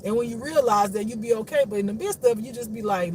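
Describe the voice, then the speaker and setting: Brief: raw spiritual teacher, casual talk, profane and laughing, steady background noise. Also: fast talker. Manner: blunt, profane, laughing, swings from low mutters to shouts. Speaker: spiritual life teacher and reader. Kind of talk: casual unscripted monologue. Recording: noisy background hum.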